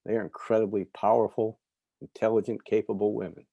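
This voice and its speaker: A middle-aged man from New York giving a candid personal recovery talk, telling stories with soft asides. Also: low voice, moderate pace, no echo, highs cut off. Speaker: recovery speaker.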